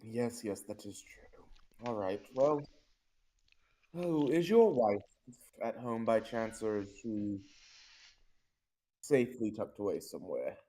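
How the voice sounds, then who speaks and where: A man's voice: on the low side, measured pace, a little mellow, slight background noise. A man playing a tabletop game, speaking in character in a polite, formal way. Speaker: player. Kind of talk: in-character tabletop role-play.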